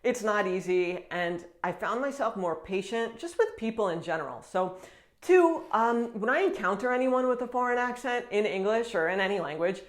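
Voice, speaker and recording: An American woman talking casually to camera as a vlogger, chatty and animated, with frequent quick laughs. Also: medium pitch. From United States.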